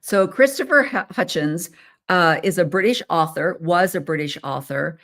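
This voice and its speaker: Woman, American accent, middle-aged, casual host monologue, somewhat low voice, rambling with fillers. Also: moderate pace, a bit bright. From United States. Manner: chatty, rambling, frequent ums and laughs.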